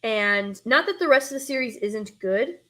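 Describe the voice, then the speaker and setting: Animated and a little high-pitched, this young Northern US streamer talks at normal speed with a sharp tone. She rambles through her nostalgia show, reads viewers' messages aloud, and keeps cutting herself off.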